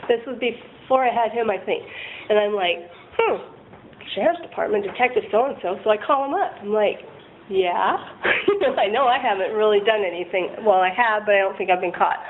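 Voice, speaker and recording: A woman's voice: mid-range voice, animated, normal speed. Woman, candid recovery story, rambling and self-mocking, phone-quality sound, faint hiss. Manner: rambling, self-deprecating, with frequent laughs. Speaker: person sharing a recovery story. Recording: tinny phone-like line with faint noise.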